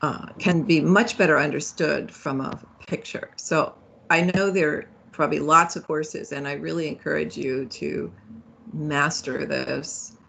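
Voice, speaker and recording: A woman's voice: low voice, steady tone, unhurried, vocal fry, a bit bright, a little hiss or hum. A woman speaking as a guest in a speaker series, in a conversational way with fillers and self-corrections.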